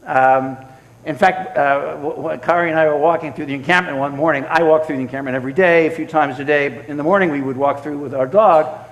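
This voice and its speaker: A man's voice: on the high side, brisk. A man answering audience questions at a synagogue award event, telling stories in a loose conversational way with many restarts and acted-out quotes. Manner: animated storyteller, acts out quotes, frequent restarts. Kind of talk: conversational Q&A talk. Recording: reverberant hall.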